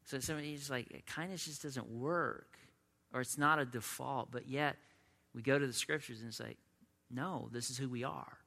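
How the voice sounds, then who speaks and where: A man's voice: medium pitch, fairly even intonation, normal speed, gravelly, bright, forceful tone, long reverb tail. A man preaching a conversational sermon as a pastor, often slipping into imagined voices of his listeners. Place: church sanctuary.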